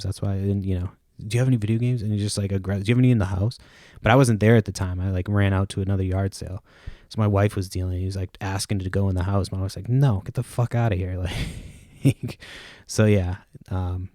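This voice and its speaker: Podcast host, male, low mellow voice, dry close sound, loose profane rambling delivery. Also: no room sound. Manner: casual, profane, rambling with many fillers. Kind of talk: rambling solo podcast talk.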